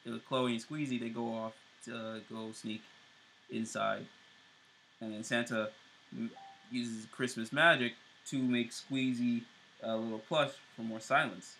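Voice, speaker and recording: A man's voice: mid-range voice, fairly even intonation, a little slow, pushed and bright, a little hiss or hum, low-quality recording. A man co-hosting a show, casually recapping TV episodes with loose fillers and restarts. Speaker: show co-host.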